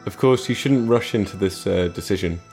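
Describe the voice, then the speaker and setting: A man's voice: on the low side, a little fast, a little mellow, soft background music, natural voice. A man voicing a hesitant, apologetic doctor who halts over his words in a spoken story. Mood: awkward. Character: awkward, apologetic male doctor.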